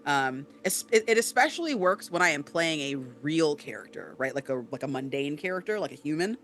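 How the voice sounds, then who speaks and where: A man co-hosting a podcast in casual chat, animated and explanatory, often tagging on "right?". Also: a little high, fairly quick, slight background noise. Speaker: podcast co-host. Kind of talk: casual chat about tabletop role-play.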